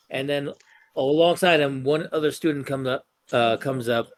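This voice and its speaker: Game master, male, mid-pitched, halting narration, dry sound. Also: fairly even intonation, dry recording. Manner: halting, self-correcting narration.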